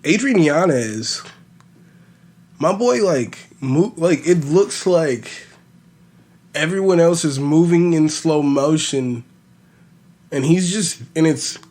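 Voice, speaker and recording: A man's voice: on the high side, slow pace, pauses often. A man talking casually as a podcast host, rambling and swearing as he predicts fights, with a slight lisp. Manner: profane, rambling, animated storytelling.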